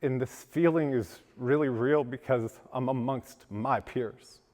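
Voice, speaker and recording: A man's voice: mid-range voice, a little mellow. Emotional man speaking in a reverberant hall. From western Pennsylvania, USA. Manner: earnest, emotional, halting restarts. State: voice cracking with emotion. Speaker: guest speaker. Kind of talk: personal recovery testimony speech. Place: event hall at a lunch.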